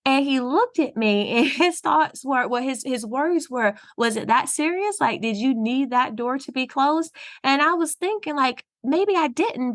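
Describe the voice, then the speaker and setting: A woman counselor with a Southern US accent, explaining things earnestly in a podcast interview. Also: on the high side. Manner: earnest, explanatory, warm laughs. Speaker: counselor guest.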